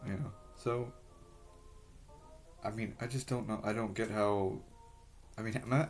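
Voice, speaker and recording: A man in a rambling personal monologue, halting and frustrated, swearing heavily as he talks. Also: on the low side, fairly even intonation, soft background music.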